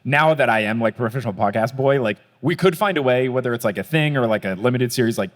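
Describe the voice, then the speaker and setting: A man's voice: mid-range voice, fast talker. A young man hosting a live podcast show on stage, telling stories in a chatty, joking way. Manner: chatty, storytelling. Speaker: podcast host. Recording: long hall reverb from a live venue.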